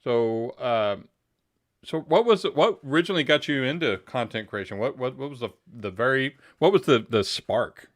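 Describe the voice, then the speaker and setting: A man's voice: mid-range voice, expressive, moderate pace. A man hosting a casual livestream interview, chatty and joking as he asks personal questions.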